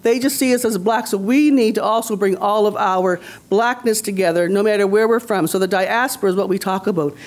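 This woman, a community leader from Nova Scotia, Canada, speaks passionately on a conference panel, repeating phrases for emphasis in a rousing, rhetorical style. Her mid-range voice moves fairly quickly with few pauses.

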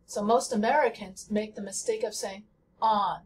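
A woman's voice: medium pitch, steady tone, normal speed, mellow, distant mic. A woman teaching a pronunciation lesson, speaking carefully and repeating example words to demonstrate sounds. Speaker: language teacher.

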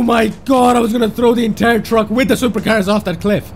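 A man commentating his own driving game, exasperated and self-mocking, yelling at the game when things go wrong. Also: sits high, steady tone, brisk, vocal fry, few pauses, a little hiss or hum. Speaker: gameplay commentator. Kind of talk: gameplay commentary.

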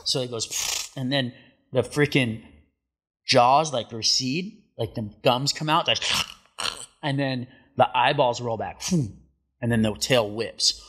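Middle-aged guy telling a crazy story on a podcast, husky voice, middle pitch, lots of likes. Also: slow pace. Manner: animated storyteller, acts out quotes, many filler likes. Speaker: guest, surfer. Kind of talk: casual storytelling.

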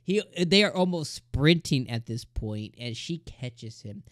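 A man hosting a casual anime episode review, talking in an excited, rambling way with plenty of fillers. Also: medium pitch, a little slow, no room sound, clean studio sound.

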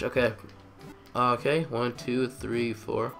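A man's voice: medium pitch, normal speed, a bit bright, faint music behind. Sarcastic young man grumbling over gameplay. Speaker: let's play host. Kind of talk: casual gameplay commentary.

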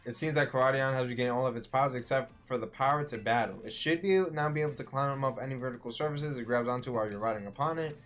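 A man's voice: mid-range voice, quick pace, few pauses, fairly bright tone, soft background music, natural voice. A man reading aloud the phone messages of a scientist mother in a video game, in a matter-of-fact tone.

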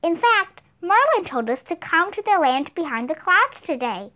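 A woman voicing an eager, brave nine-year-old girl who talks brightly and fast in a storybook reading. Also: full character voice. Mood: chatty. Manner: high, excited, chatty.

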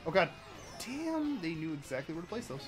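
A man hosting a live racing game stream, chatty and excitable, talking to chat and to his cat at home. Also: brisk, music in the background. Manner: excitable, chatty, bursts into high-pitched baby talk with his cat. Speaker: livestream host. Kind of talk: live gameplay commentary.

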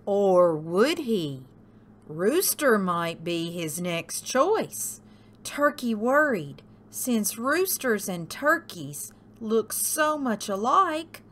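Lively, expressive woman reading a storybook. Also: very slow. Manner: expressive, sing-song storytelling with big pitch leaps for the animals. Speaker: library story time reader. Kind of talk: reading a picture book aloud to children.

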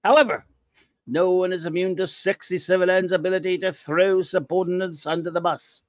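A man hosting a podcast in a casual, rambling way, reading out listener reviews and breaking into jokes and bursts of shouting. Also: high voice, steady tone, brisk, no room sound. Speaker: podcast host.

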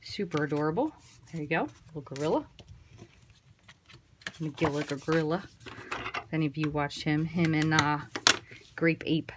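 A woman's voice: deep voice, normal speed, pauses often, background noise. A woman giving a casual, chatty card-making tutorial, thinking aloud as she works. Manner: chatty, relaxed, thinks aloud while working.

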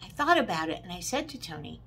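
A middle-aged woman tells a personal story to camera as a motivational speaker. Her delivery is lively, and she stretches some words out slowly and rushes through others. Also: lowish voice, slight background noise. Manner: lively storytelling, pace swinging between drawn-out and quick. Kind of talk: personal anecdote told to camera.

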